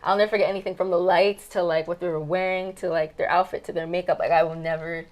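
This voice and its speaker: Woman guest musician, low-pitched, rambling storyteller, casual chat in a studio lounge. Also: fairly even intonation, fast, rough recording. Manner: chatty storyteller, many fillers like "like" and "um".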